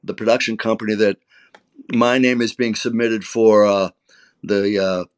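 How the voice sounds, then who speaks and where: A man's voice: lowish voice, little pitch movement, a little slow, clean tone. An older male actor being interviewed, telling emotional anecdotes and acting out quoted lines. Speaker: actor guest. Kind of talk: conversational interview storytelling.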